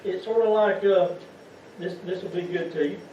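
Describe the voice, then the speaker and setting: A man with a high voice preaches a folksy sermon, asking the congregation one rhetorical question after another. He sounds distant and muffled. A long, heavy echo fills the church around him. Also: fairly even intonation, normal speed, warm tone, slight background noise. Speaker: lay preacher. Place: church sanctuary.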